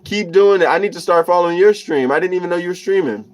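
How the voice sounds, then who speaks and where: A man's voice: high-pitched, fast talker, darkish tone. Upbeat motivational man streaming live. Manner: reads viewer comments aloud and laughs often; motivational, many fillers and restarts. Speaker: livestream host, self-help talk. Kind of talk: casual livestream chat.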